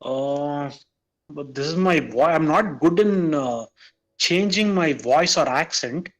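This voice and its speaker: A man's voice: on the high side, slow pace, fairly bright tone, poor audio. A man joining a live stream as a viewer, talking hesitantly with lots of stammers and fillers. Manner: hesitant, stammering, many uh's. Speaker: viewer guest. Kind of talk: casual stream chat.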